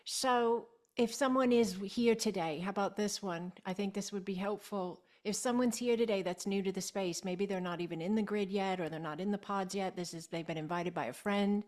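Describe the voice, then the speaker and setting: A woman's voice: medium pitch, moderate pace, few pauses, darkish tone. A woman hosting an interview on a video call, effusive and full of praise, often repeating herself and laughing. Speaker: host.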